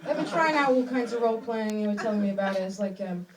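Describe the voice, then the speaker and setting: A woman from England performing a stand-up comedy set in a small club, speaking in a dry, halting way with lots of fillers and restarts. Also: medium pitch, animated, noisy background. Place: small club with a live audience. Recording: distant mic, loud crowd laughter. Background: audience laughing.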